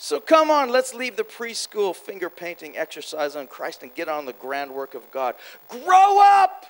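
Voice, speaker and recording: A man preaching a sermon at a church conference, animated, swinging between loud exclamations and quiet asides, quick and repeating himself. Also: a little high, rough recording. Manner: quick, with repeated words and restarts. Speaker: guest preacher.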